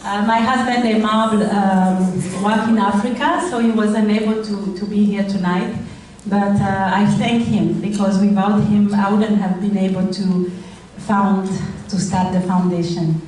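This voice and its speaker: Woman with a French accent, middle-aged, slow halting speech, very echoey hall, distant mic. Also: medium pitch, steady tone, a little mellow, a little hiss or hum. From Rwanda. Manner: halting, with many fillers. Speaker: charity founder. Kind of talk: speech at a gala. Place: event hall. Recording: roomy hall audio from far off.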